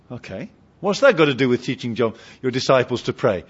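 A man's voice: medium pitch, big pitch swings, fairly quick, slightly rough. A man preaching a sermon with humour, asking his congregation questions, on a dull lo-fi recording. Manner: humorous, asks the congregation questions.

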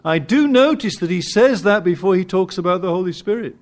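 A man preaching a sermon, animated and emphatic at times, with halting restarts as he searches for words. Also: high voice. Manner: animated, rising to emphatic peaks.

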